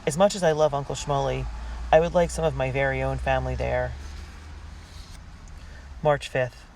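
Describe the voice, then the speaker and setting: A reader narrating a diary storybook in a girl's first-person voice, earnest and unhurried. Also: medium pitch, little pitch movement, vocal fry, a little mellow, slight background noise, poor audio. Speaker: audiobook reader.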